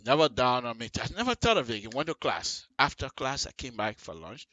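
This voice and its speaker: A man hosting a live radio talk show, explaining at length to listeners in an animated, emphatic way, repeating himself and addressing them directly. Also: medium pitch, brisk, no room sound, dull audio. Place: radio studio.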